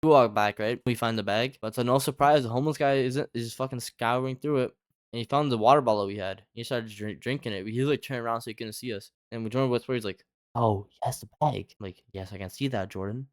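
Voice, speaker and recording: A young man telling a story in casual chat, rambling, swearing a lot and filling every pause with "like". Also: medium pitch, clean tone, no room sound, clean studio sound. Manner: rambling, heavy filler "like", lots of swearing.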